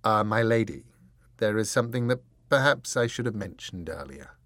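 A man's voice: lowish voice, animated, moderate pace, a bit bright, dry recording. A man voicing a suave, sly male rogue with a courtly, faintly roguish manner.

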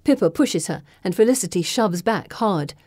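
A woman reading first-person scripted narration in a measured, dramatic way. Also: medium pitch, animated, dark tone, dry recording, studio quality. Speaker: audiobook narrator.

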